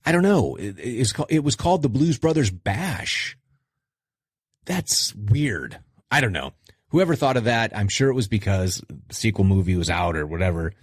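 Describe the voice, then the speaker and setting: A man's voice: moderate pace, no echo, studio quality. A middle-aged man hosting a podcast, chatting casually with self-deprecating asides. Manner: animated, self-deprecating, jumps in pitch for emphasis. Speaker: podcast host. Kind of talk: casual solo podcast talk.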